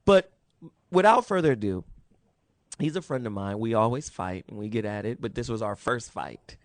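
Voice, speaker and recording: A man's voice: lowish voice, moderate pace, no echo. A man in his forties hosting a radio talk show, telling a story with lots of laughter. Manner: animated storyteller, laughs often.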